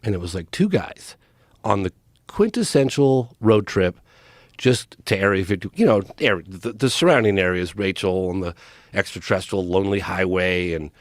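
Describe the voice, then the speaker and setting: Man, lively swooping delivery, excited storyteller, close dry studio mic, podcast guest. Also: low voice, normal speed, no echo. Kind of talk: animated storytelling.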